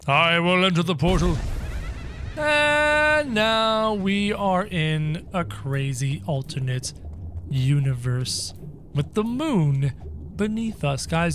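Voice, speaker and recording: A gaming video narrator giving excitable, playful let's-play commentary in character, bursting into yelps and laughter. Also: mid-range voice, slight background noise.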